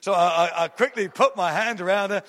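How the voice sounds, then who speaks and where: A man's voice: sits high, brisk, big-room sound. A man preaching a sermon, rising to emphatic declarations and telling long stories with restarts. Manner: emphatic, swelling to loud declarations; storytelling with restarts.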